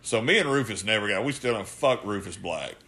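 A man's voice: lowish voice, lively intonation, a little fast, sharp tone. A man, a podcast co-host telling a wrestling story in casual chat, profane and laughing often.

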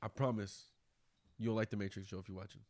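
Guy on a podcast ranting about movies, loud and animated, cusses a lot. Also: lowish voice, quick pace. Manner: animated, swearing, rambling movie opinions. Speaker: podcast co-host. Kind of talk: casual chat.

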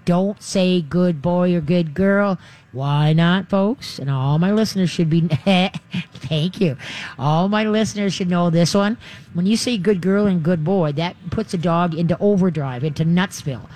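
A man hosting a radio call-in show, giving folksy, animated advice on dog training. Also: sits high, normal speed.

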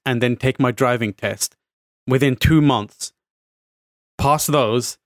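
A man's voice: mid-range voice, takes it slowly, pauses often, no echo, clean studio sound. A man from the UK telling a story in a casual chat, acting out voices with lots of fillers and swearing. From United Kingdom. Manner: animated storyteller, acts out quoted voices, swears, frequent fillers. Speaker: podcast co-host telling a story.

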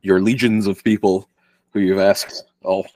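A man co-hosting a casual film podcast, reacting quickly, joking and laughing a lot. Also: sits low, flat delivery, darkish tone, no room sound. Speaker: podcast co-host.

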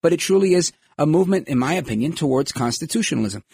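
A man's voice: on the high side, animated, fast, gravelly, a little mellow, slight background noise. A man hosting a podcast, giving emphatic political commentary and acting out quoted voices. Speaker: podcast host.

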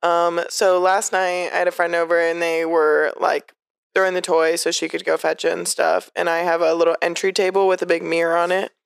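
A woman's voice: fairly low pitch, little pitch movement, brisk, creaky, clear, resonant tone, no room sound, clean studio sound. A young woman co-hosting a podcast, telling stories in casual, swearing chat. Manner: chatty storyteller, swears freely. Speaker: podcast co-host.

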